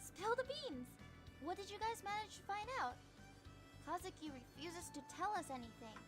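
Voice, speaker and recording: A man's voice: extremely high pitch, expressive, normal speed, over music, voice pushed up. A man voicing a prim, scolding young woman detective with an indignant, bossy manner.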